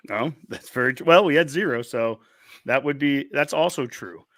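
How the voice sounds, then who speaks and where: A relaxed man hosts a sports fan podcast at a middling pitch, chatting with his co-hosts and reading sponsor mentions. The sound is dry and close, with no room echo. He talks in an easygoing way. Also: moderate pace. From Nebraska. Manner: easygoing, reads sponsor plugs. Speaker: podcast host. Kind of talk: casual sports podcast chat.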